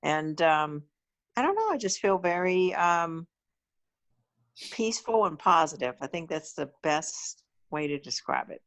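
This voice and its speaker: A calm woman dials into a group call on her phone. Her voice sits a little low, and she pauses as she looks for the right words. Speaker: meditation group member.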